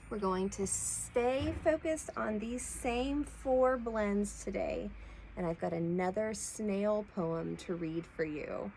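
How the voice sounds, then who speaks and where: A woman teaching a preschool class, speaking slowly and clearly as she sounds out letter blends for young children. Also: medium pitch, a little hiss or hum, low-quality recording. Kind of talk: slow read-aloud lesson for young children.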